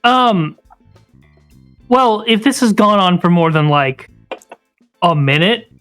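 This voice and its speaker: Smooth-voiced man playing a tabletop game. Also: high-pitched, animated, takes it slowly, fairly bright tone, faint music behind. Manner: hesitant, thinking aloud. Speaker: player.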